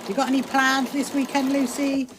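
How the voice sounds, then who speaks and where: A woman hosting a casual sewing live stream, chatting and rambling with bursts of excitement as she answers viewers. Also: sits high, normal speed, background noise. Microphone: phone streaming live.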